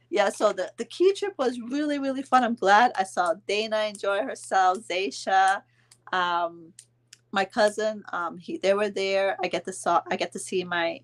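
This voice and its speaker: A woman in her thirties casually telling a vacation story to her viewers, chatting along with their comments and filling pauses with "um". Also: mid-range voice. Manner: chatty, answers viewer comments, frequent ums and laughs. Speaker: vlog host telling a story to live viewers.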